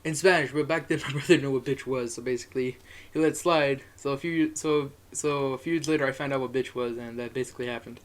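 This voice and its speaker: A man's voice: mid-range voice, fairly even intonation, quick pace. A young man telling a rambling, profane story in a casual monologue, chuckling as he goes.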